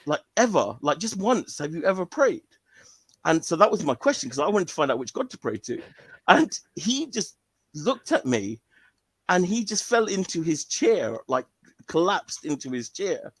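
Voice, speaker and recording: A male caller telling a story on a call-in stream in an animated way, laughing and restarting often. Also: fairly high pitch, moderate pace, dry recording.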